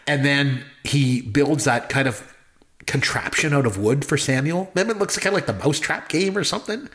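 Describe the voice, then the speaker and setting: Man, casual film chat, enthusiastic, rambling, filler-heavy, mid pitch. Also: normal speed, fairly bright tone. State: married. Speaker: podcast co-host. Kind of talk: casual movie discussion.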